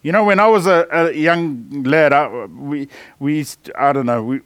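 A man's voice: on the high side, normal speed, fairly bright tone, clean tone, no echo, studio quality. A man preaching a sermon in a conversational, storytelling way, often laughing and restarting his sentences.

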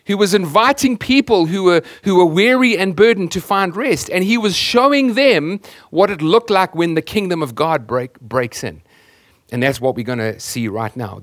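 Emphatic preacher man with a lively pitch. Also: no room sound, clean studio sound. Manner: earnest, emphatic, repeats words while searching. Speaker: pastor. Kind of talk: sermon.

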